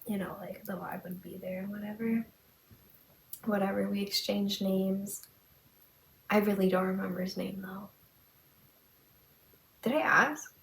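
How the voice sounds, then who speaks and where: A young woman tells a story on her podcast, chatty and dramatic, with "like" everywhere. Her voice has a gravelly fry at the ends of phrases. The room sounds echoey, with a faint hiss underneath. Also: mid-range voice. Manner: chatty, lots of "like", dramatic retelling. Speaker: podcast host. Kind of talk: casual storytelling.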